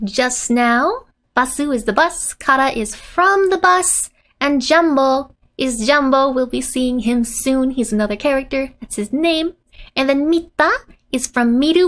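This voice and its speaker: A woman's voice: high voice, a bit bright. A woman teaching Japanese from a manga scene, breaking down each line in a playful way, often laughing and acting out the characters. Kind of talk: manga-based language lesson.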